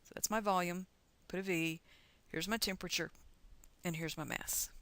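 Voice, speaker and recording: A woman's voice: fairly low pitch, steady tone, normal speed, fairly bright tone, no echo. A middle-aged woman from the United States teaching chemistry in a recorded lecture, chatty and encouraging as she talks through calculations aloud.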